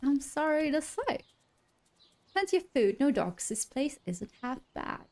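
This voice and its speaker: A woman's voice: high-pitched, big pitch swings, a little slow, warm tone. A young woman commenting casually on a game as she plays, chatty and emotional, swearing now and then. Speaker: gaming streamer. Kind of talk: let's play commentary.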